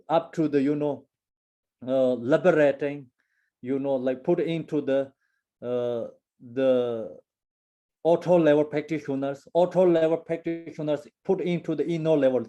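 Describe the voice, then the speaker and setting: Male Buddhist teacher, hesitant second-language English with restarts, unhurried and dark in tone. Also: medium pitch, highs cut off. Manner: halting, many fillers and restarts. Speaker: dharma teacher.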